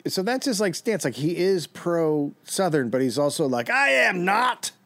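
A man's voice: on the high side, lively intonation, moderate pace, darkish tone. A man hosting a comedy podcast, retelling history in a dry, matter-of-fact way. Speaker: podcast host telling the history. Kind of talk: casual storytelling.

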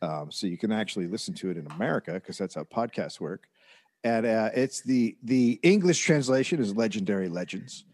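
A man hosting a comedy history podcast, telling the story in a halting, wry way with dry asides. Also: on the low side, expressive, a little mellow. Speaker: podcast host.

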